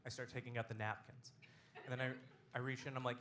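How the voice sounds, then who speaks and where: Bright-voiced deadpan stand-up comedian, man. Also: mid-range voice, fairly quick. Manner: deadpan, self-deprecating delivery. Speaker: comedian hosting a comedy show. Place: comedy club stage.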